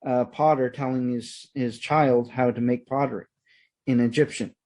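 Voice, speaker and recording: A man hosting a podcast interview, explaining things hesitantly and with many pauses. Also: mid-range voice, steady tone, darkish tone. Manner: hesitant, lots of uh fillers when explaining. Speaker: podcast host. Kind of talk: casual interview chat.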